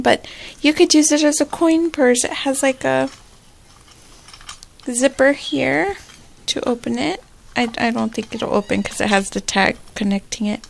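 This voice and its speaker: A high-voiced woman vlogger talks through an unboxing in an unhurried, gushing way. Her voice has a gravelly fry at the ends of phrases, and she breaks into excited squeals. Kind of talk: casual unboxing chat.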